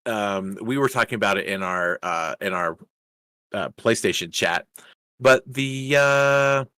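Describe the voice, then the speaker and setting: A man's voice: fairly low pitch, unhurried, pushed and bright, clear, resonant tone, dry recording. A man hosting a racing league live stream in casual chat, rambling with lots of fillers and restarts in an upbeat way.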